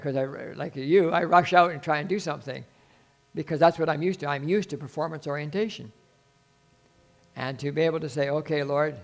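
A man's voice: on the high side, creaky. An older man preaching a sermon earnestly, rising to emphatic peaks and acting out dialogue with God.

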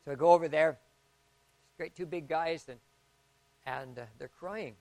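A pastor preaches his sermon as folksy storytelling, acting out the voices he quotes and swinging between hushed and loud. His voice sits a little high and his pace is unhurried.

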